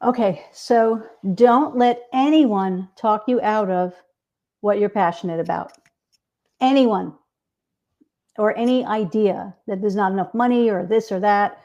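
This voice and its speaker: A woman's voice: mid-range voice, a little slow, dark tone, dull audio. A woman with a New York accent, a guest author in a casual talk interview, speaking earnestly about spirituality. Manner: earnest, spiritual, gushing with praise.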